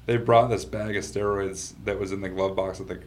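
A man being interviewed as a guest, telling a story in a casual, animated way, laughing often and swearing freely. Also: sits low, brisk. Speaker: guest, company founder.

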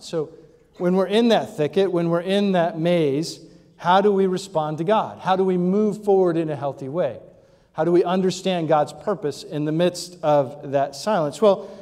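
A man with a somewhat high voice preaches a sermon in a relaxed, conversational teaching manner. He poses rhetorical questions and checks in with his listeners as he goes. His voice rings out with a long reverb, as if it fills a large hall. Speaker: pastor.

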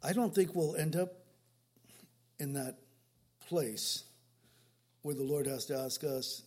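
Husky preaching man, high voice. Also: takes it slowly, long pauses, darkish tone. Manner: conversational preaching with repeated restarts. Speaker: pastor. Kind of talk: sermon.

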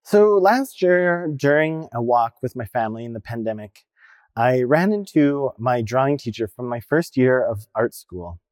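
A non-binary minister with a male-sounding voice of ordinary pitch gives a personal sermon, earnest and reflective as the stories unfold. The voice sits close and dry with no room around it. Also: animated, moderate pace, a little mellow, no echo.

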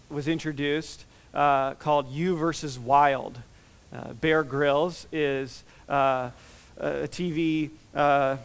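A man preaching in a conversational sermon style, reading scripture and teaching with many fillers and restarts. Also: high-pitched.

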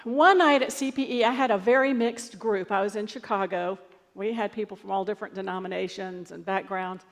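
A woman's voice: medium pitch, steady tone, fairly quick, gravelly, in a large hall. A woman pastor giving a sermon in a conversational, storytelling way.

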